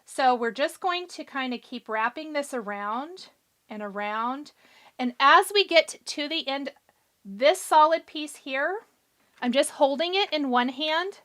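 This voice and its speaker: A woman hosting a live craft tutorial, chatty and encouraging, talking through each step and answering viewers' comments, her voice a little hoarse. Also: sits high, lively intonation, measured pace, fairly bright tone. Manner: chatty, encouraging, thinks aloud while working. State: a bit hoarse. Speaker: craft show host.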